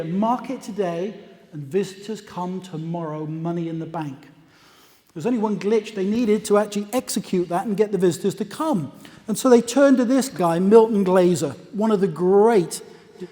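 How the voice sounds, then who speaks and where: Fairly high-voiced man presenting in a hall. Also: a little mellow. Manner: conversational, anecdotal, with asides. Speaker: conference speaker. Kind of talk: conference presentation. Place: conference hall. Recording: long reverb of a lecture hall.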